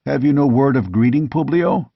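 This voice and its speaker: A man voicing a bold barbarian warrior king who speaks bluntly and gruffly, with grim amusement, in an audiobook reading. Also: mid-range voice, normal speed, no echo. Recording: dull, dry lo-fi audiobook recording.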